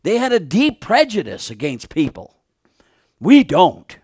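A man preaching a sermon, retelling a Bible story with animated, fervent emphasis. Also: high-pitched, unhurried, husky, no echo, clean studio sound.

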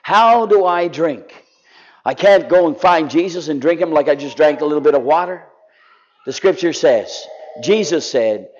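Male preacher, fairly high voice, earnest sermon delivery that swells and then drops to a hush; dull lo-fi recording. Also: animated, normal speed. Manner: impassioned, drops to soft pleading. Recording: dull lo-fi sound.

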